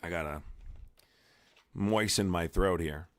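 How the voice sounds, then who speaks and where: A hoarse man hosting a live stream, talking bluntly and with a lot of swearing. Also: sits low, slow. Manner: blunt and profane. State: hoarse, sore throat.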